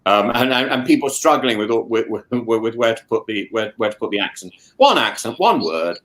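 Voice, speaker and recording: A man hosting a casual chat, talking with many restarts and repeated words and animated asides. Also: fairly low pitch, brisk, low-quality recording. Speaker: podcast host, professor. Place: home in lockdown.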